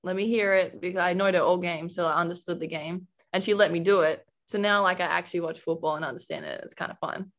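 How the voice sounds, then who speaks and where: A woman's voice: on the low side, steady tone, fast talker, hardly any pauses, fairly bright tone. A young Australian woman in her twenties, a college basketball player chatting casually in an interview, laughing often and filling her talk with "like".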